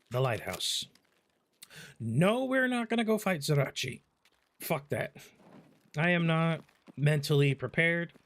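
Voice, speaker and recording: Profane, animated male gaming streamer. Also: fairly high pitch. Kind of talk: casual gameplay commentary.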